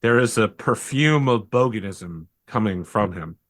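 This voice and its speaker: A man's voice: lowish voice, expressive, measured pace, a bit bright. A man narrating as game master, descriptive and joking.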